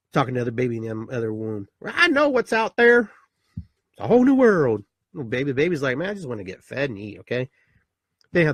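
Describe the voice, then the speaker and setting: Husky-voiced man hosting a live talk. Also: mid-range voice, no echo. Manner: rambling, animated, acts out a newborn's voice. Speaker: live show host. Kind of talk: casual spiritual talk to live viewers.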